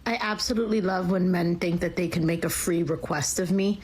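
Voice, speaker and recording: A woman's voice: fairly low pitch, fairly even intonation, brisk, darkish tone, breathy edge. A woman telling a story to her followers in a smug, boastful way. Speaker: social media poster. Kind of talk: casual storytelling to camera.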